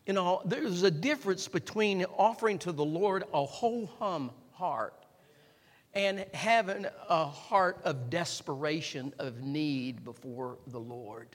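A man preaching a sermon, repeating phrases and building up to shouts, and calling on the congregation to respond. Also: fairly high pitch, a little slow. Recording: long hall reverb.

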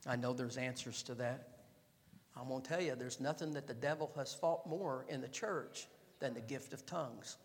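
A man preaching a sermon as pastor, dropping his voice low and then building up to loud, emphatic exhortation. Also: moderate pace, big-room sound.

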